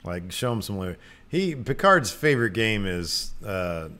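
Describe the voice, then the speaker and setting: A man's voice: on the low side, very animated, unhurried, bright, forceful tone. Laid-back man recapping an episode. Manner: loose, rambling, full of fillers. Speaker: podcast co-host.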